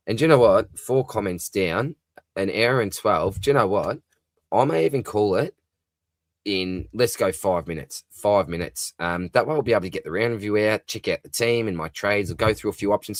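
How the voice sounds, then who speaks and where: A man's voice: low-pitched, dry recording. An Australian man hosting a casual live talkback stream, reading viewer comments aloud and answering them in a chatty way, often calling people "mate". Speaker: livestream host.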